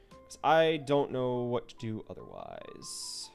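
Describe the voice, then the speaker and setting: Male streamer, mid pitch, playful self-talk while drawing, soft music under. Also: huge pitch swings, slow pace, gravelly. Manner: rambling and playful, talks to himself while working. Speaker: VTuber streamer. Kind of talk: casual live-stream chat while drawing.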